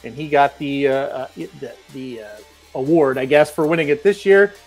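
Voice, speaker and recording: A man's voice: mid-range voice, normal speed, darkish tone, faint music behind. A man hosting a horse racing show, reading out viewer comments in a casual, chatty way and joking as he goes. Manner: joking, chatty, laughs between remarks.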